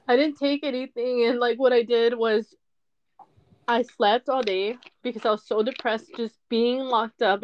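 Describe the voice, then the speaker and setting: A woman's voice: on the high side, dull audio. A young woman podcaster telling a personal story in a candid, emotional monologue, often tearful and swearing.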